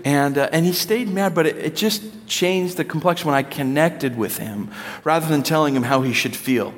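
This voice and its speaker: Casual pastor in an echoing hall. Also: male voice, fairly high pitch, normal speed. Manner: conversational, acts out quotes with playful voices. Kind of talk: sermon. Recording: long hall reverb.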